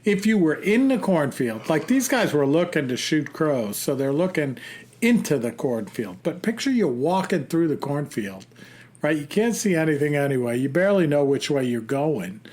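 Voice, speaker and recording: Lively, excitable male podcast host. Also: fairly high pitch, moderate pace. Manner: excitable, laughs often. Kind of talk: casual chat.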